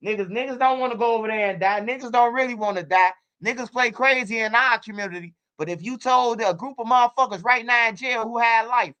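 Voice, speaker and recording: A man in his forties chats loosely as a guest, spinning animated stories full of slang and swearing. His voice is bright and forceful with a smooth, crisp tone. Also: high voice, a little fast, hardly any pauses. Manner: animated storytelling, street slang and profanity, frequent restarts. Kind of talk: casual interview chat.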